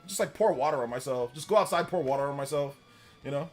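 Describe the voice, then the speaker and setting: A man's voice: mid-range voice, quick pace, faint music behind. A man in his forties from Central California, chatting casually on a live stream in a rambling, filler-heavy way. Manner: loud, laughing retelling of stories. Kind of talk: casual live-stream chat, reading donations.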